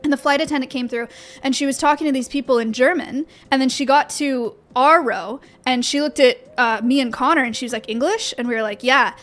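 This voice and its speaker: A woman's voice: high-pitched, steady tone, fairly quick, fairly bright tone. A young woman streaming from her home office, chatting with her viewers in a rambling way full of fillers and restarts. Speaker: livestreamer. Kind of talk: casual chat with stream chat.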